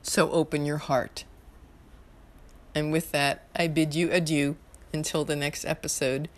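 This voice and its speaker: A little slow and flat, her voice sitting low, this woman from New York hosts an astrology podcast. The talk is a casual, spiritual monologue: rambling, filler-laden, heartfelt and emotional.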